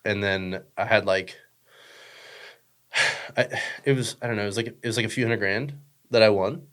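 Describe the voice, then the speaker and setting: A young man with a lowish voice talks loosely on a podcast. He rambles through filler words, swears freely and cracks jokes at his own expense. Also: fairly even intonation, moderate pace, fairly bright tone. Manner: rambling, profane, joking, lots of fillers. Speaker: podcast guest. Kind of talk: casual chat.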